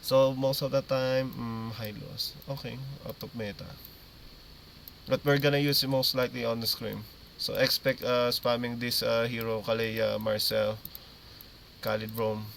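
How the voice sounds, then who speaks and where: Male esports coach, mid pitch, instructive team-meeting delivery that drills terms home. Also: level tone, a little slow, gravelly, fairly bright tone, a little hiss or hum. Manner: instructive, repeats key terms, checks in with listeners.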